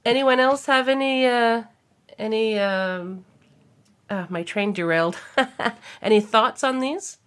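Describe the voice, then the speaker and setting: A woman hosting a casual podcast roundtable, relaxed and chuckly. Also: a little high, slow, clear, resonant tone. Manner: relaxed and chuckly, loses her train of thought.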